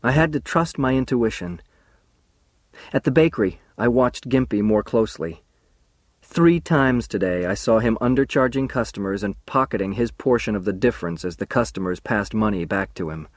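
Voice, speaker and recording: An expressive male narrator reads a novel aloud in the first person, earnest and full of feeling. His pitch leaps and dips with lively movement, and the sound is dry and close. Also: normal speed, no echo. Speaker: audiobook narrator. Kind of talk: first-person audiobook reading.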